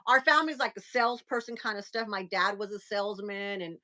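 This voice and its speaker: A woman's voice: medium pitch, fairly quick, sharp tone. A middle-aged woman hosting a livestream, chatting casually and reading viewer comments aloud. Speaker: livestream host. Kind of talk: casual live chat.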